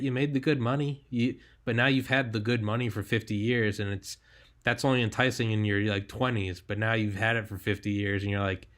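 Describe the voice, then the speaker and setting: A young man hosts a podcast in loose, casual conversation. His voice sits a little low, and he talks with animated energy, swearing freely and breaking into laughter mid-story. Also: a little fast. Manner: animated, swearing, laughs while telling stories. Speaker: podcast host.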